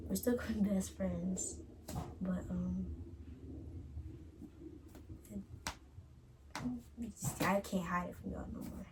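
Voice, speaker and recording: A woman's voice: lowish voice, level tone, takes it slowly, pauses often, background noise. A woman co-hosting a couples vlog in casual chat, giggly and drawling, talking to her viewers as y'all. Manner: giggly, keeps breaking into laughter. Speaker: vlog co-host.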